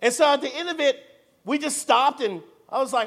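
An American man preaching a sermon, telling a story in an animated, theatrical way and acting out the dialogue. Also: very high voice, brisk. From United States.

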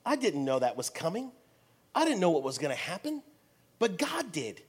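A high-pitched American man delivering a sermon as a lively story. He acts out every exchange with theatrical energy and swings between loud bursts and hushed asides. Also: moderate pace, breathy edge. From United States. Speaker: preacher.

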